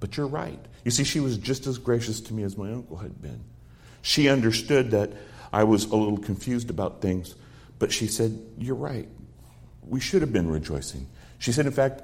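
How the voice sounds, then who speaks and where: A man's voice: fairly low pitch, lively intonation, brisk, a little mellow. A middle-aged man preaching a sermon, expounding a psalm verse by verse and telling stories from his own life in an earnest way. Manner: earnest storytelling with quoted dialogue.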